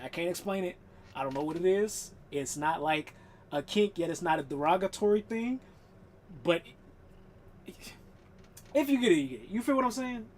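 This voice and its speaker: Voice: medium pitch, a little hiss or hum. A live streamer chatting casually while gaming, rambling and swearing, laughing often.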